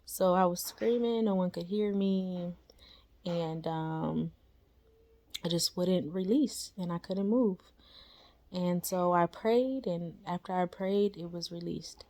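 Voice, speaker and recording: A woman's voice: fairly low pitch, slow pace, mellow. A young woman casually telling a personal spiritual story, chatty and slangy, full of fillers and tag questions like "right?" and "you know?". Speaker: storyteller sharing a spiritual experience.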